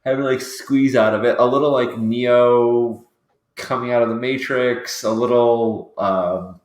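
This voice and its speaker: A man's voice: medium pitch, steady tone, unhurried, a little mellow. Rambling man in an echoey room. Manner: rambling, apologetic, self-correcting. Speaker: player. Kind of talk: casual chat at a game table.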